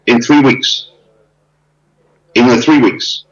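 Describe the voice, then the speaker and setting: A man chatting casually on a video call, telling stories with lively acted-out dialogue. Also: medium pitch, measured pace, gravelly, muffled recording. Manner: animated storyteller, acts out dialogue. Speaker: interviewee.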